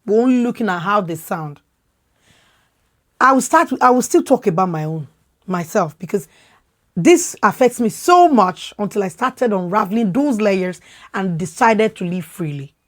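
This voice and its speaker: A Nigerian woman in her thirties hosting a podcast, talking with strong conviction, loud and expressive, repeating words as she presses her points. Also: mid-range voice, normal speed. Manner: emphatic, repeats words when worked up. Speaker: podcast host. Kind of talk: impassioned opinion talk.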